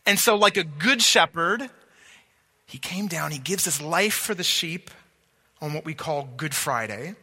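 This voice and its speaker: A man's voice: a little high, animated, measured pace, bright, forceful tone, slightly rough. A man preaching a sermon, earnest, repeating words for emphasis and checking that listeners follow. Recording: long reverb of a large hall.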